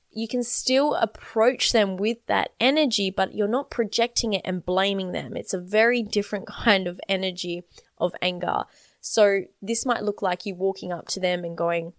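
A woman's voice: medium pitch, dry recording, clean studio sound. A woman, talking as a relationship coach in an earnest, flowing coaching monologue with casual swearing.

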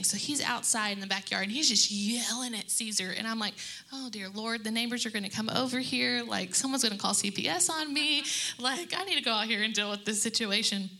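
Thirties woman, panel speaker for moms, animated storyteller, bright and slightly high. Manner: animated storyteller who acts out quotes. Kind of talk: faith-based panel talk. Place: room with an audience.

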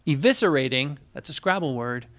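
A man's voice: medium pitch, animated, fairly quick, a bit bright. A man co-hosting a finance podcast, explaining articles in a casual chat and reading quotes aloud with emphasis. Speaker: podcast co-host, financial advisor.

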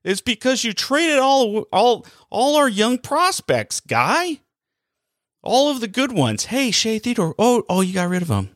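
Guy doing a squeaky snarky team staffer, sing-songy, kinda far from the mic. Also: huge pitch swings, a little slow, fairly bright tone, no room sound, clean studio sound, exaggerated voice. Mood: mocking. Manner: taunting, sing-song.

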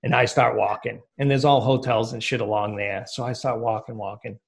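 A man's voice: mid-range voice, fairly even intonation, a little fast, gravelly. A man on a podcast telling a long, rambling, profane story in casual talk. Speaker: podcast guest.

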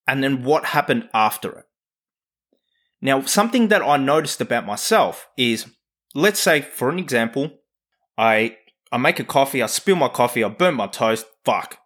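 A man who hosts a podcast and works as a coach gives a candid motivational monologue in a medium-pitched, slightly bright voice with big pitch swings. He's unhurried and pauses often, swearing freely, speaking emphatically, and questioning himself as he goes.

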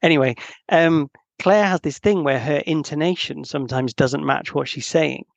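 A man hosts a podcast in an easygoing, animated way, often restarting his sentences. His voice has a gravelly, creaky edge. The sound is dry and slightly dull. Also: on the high side, moderate pace, no room sound. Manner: animated, restarts a lot, acts out quoted voices. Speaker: podcast host. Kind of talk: casual conversational interview.

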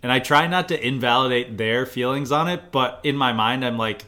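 A man's voice: mid-range voice, a little fast, few pauses, sharp tone. A man co-hosting a casual beer-tasting podcast, making dry, joking exaggerations. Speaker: podcast co-host. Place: home studio in Chicago.

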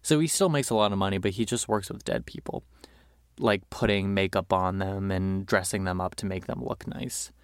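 A man's voice: deep voice, moderate pace, clean tone, no echo, clean studio sound. A man hosting a podcast, chatting casually and animatedly about movies, with lots of fillers, and acting out quotes. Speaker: podcast host.

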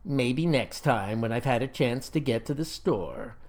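A man voicing a big, burly man who talks slow, low and smooth. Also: lively intonation, a little mellow. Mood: sly.

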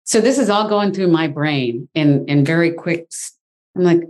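A woman with a low voice tells a personal story in an interview. She talks in an animated way, with frequent exclamations. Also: normal speed. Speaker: guest.

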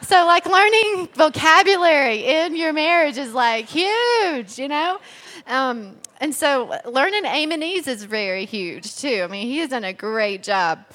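Bright, chatty woman telling stories. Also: a little slow, long reverb tail. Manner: chatty, animated, laughs while telling stories; acts out quotes in a higher, louder voice. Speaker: speaker sharing marriage advice. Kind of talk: personal talk to an audience.

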